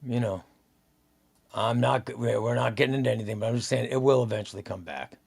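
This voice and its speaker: A man's voice: mid-range voice, a little fast, vocal fry, slightly rough. A man hosting a casual live stream, chatting loosely, repeating himself and reading out viewer comments. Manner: rambling, repeats himself, reads out chat comments.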